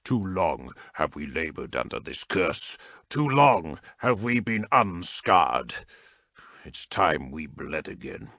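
A man playing a grieving, tormented fallen warrior-chaplain who swings from hushed pleading to roaring. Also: sits low, big pitch swings, takes it slowly, creaky, no echo, studio quality, voice pushed down, exaggerated voice. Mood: commanding.

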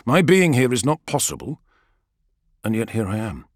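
A man reading an audiobook, voicing a stern male warrior captain who speaks low, quiet and clipped. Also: sing-song, moderate pace, dry recording, studio quality. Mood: grave. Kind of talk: audiobook character voice.

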